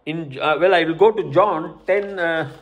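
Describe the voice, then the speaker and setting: An older man explains religious texts in an unscripted talk, pausing often with fillers and self-corrections. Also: on the high side, slight background noise. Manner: hesitant, many fillers, cites verses. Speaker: religious commentator.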